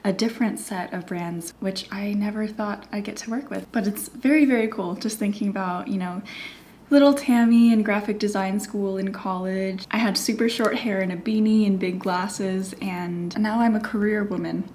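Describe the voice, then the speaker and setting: A young woman chatting casually to camera in her home studio, often dropping into a soft whisper. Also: mid-range voice, steady tone, moderate pace, a little hiss or hum. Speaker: vlogger. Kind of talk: casual vlog chat.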